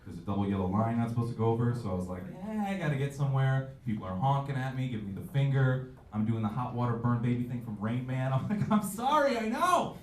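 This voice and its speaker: A man's voice: medium pitch, fast, hardly any pauses, mellow, slight background noise. Brief: twenties male stand-up comic, self-mocking, jumps into voices, roomy distant club audio. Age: 20s. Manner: loose, self-mocking delivery with jumpy acted-out voices. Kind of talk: stand-up comedy set. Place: comedy club stage. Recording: echoey club audio from far off.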